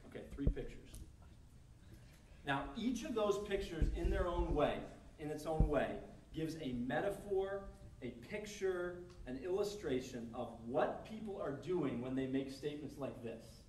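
A male pastor with a fairly high, lively voice preaches a little slowly to a congregation, keeping the sermon conversational and acting out quoted scenarios. He was recorded from a distance in an echoey church service hall, with background noise audible.

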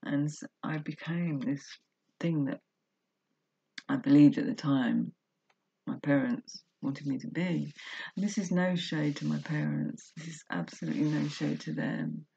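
A woman's voice: sits low, lively intonation, a little slow, vocal fry, dark tone, slightly rough. A woman vlogger reading a book aloud and breaking off into earnest, emotional, confessional commentary. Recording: dull lo-fi recording.

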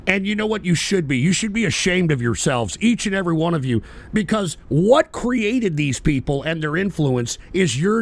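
A man with a high, gravelly voice hosts a live call-in talk show. His pitch jumps all over the place as he fires off profane, combative tirades and breaks into shouts. He sounds like he is picking a fight with his listeners. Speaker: show host.

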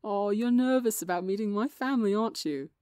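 A woman with a slightly gravelly voice, reading the lines of a relaxed young man who teases his younger friend. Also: deep voice, brisk, dry recording, studio quality. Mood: teasing. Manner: teasing and relaxed. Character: teasing, easygoing young man, warm older-brother type.

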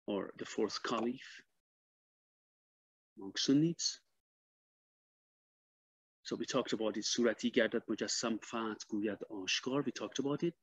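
A man who studies historic arms, giving an explanatory video lecture, pausing often and correcting himself as he translates inscriptions. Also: medium pitch, a bit bright, no room sound, muffled recording. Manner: halting, self-correcting, translating as he goes.

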